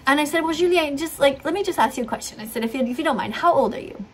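A woman's voice: high-pitched, expressive, racing, slight background noise. A middle-aged woman earnestly telling a rambling story, acting out what others said. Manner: rambling, earnest, acts out quotes. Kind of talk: storytelling monologue.

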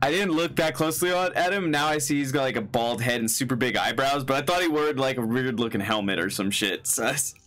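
A man's voice: mid-range voice, quick pace, few pauses, fairly bright tone, soft background music. A man giving casual, crude and joking commentary while playing a video game. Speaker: let's play commentator.

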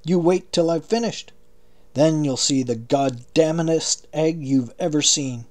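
A man's voice: on the high side, a little slow, close to an everyday voice. A man voicing a boastful, pushy American prisoner who runs the camp. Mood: proud. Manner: blunt, profane, pushy.

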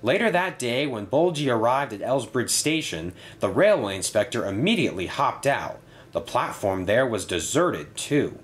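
A man narrating a toy-train story in a lively, expressive storybook style. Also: medium pitch, moderate pace.

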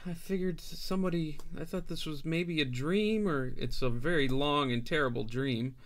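Man doing a frightened ragged mother, high voice, rambling, anxious. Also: normal speed, lightly acted.

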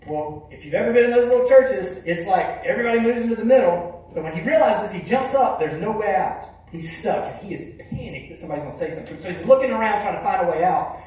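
A man tells a motivational story from the stage, high-voiced for a man. He hits some lines hard and drops others to a hush. The sound is echoey, like a big hall heard from far off. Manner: emphatic, swings between loud punches and hushed lines. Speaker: keynote speaker. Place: large hall.

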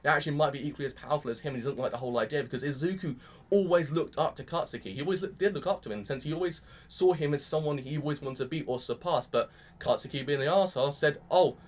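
A young man casually reviews an anime episode, excitable and gushing, sprinkling "freaking" throughout. His voice is a little high and he talks very fast.

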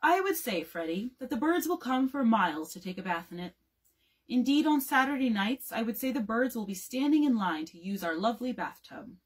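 A woman's voice: a little high, very animated, fairly quick, breathy edge. A woman voicing a confident, showy father of a big family in a read-aloud storybook, with a grand, playful delivery. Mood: boastful.

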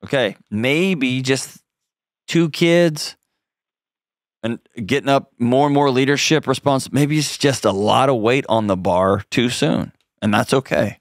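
A man's voice: medium pitch, a little slow, no echo, clean studio sound. A man hosting a call-in advice show, coaching a caller in an earnest, direct way with frequent restarts.

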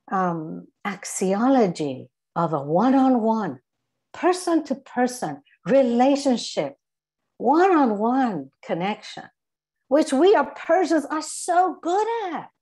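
A middle-aged woman from Iran speaks with an English accent in a slightly raised pitch. She talks as a guest in an earnest, emphatic reflection and presses her main points by saying them again. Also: a little mellow, husky. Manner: emphatic, repeats key phrases.

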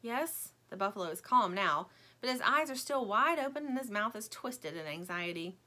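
A woman reading a children's storybook aloud in a gentle storytelling manner. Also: mid-range voice, expressive, a little fast. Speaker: storybook reader.

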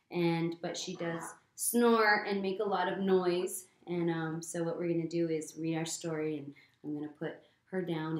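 A woman reading a picture book aloud to children in a gentle manner, often pausing to ask them questions. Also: lowish voice, reverberant. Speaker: storytime reader.

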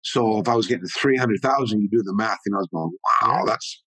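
A man in his sixties, a martial arts historian telling stories as an interview guest in an animated, rambling way. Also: lowish voice, quick pace, breathy edge, no room sound, poor audio. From Canada. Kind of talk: conversational storytelling.

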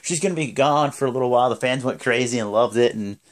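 A man's voice: mid-range voice, quick pace. A man giving a casual, rambling spoken recap, full of fillers. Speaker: wrestling show recapper.

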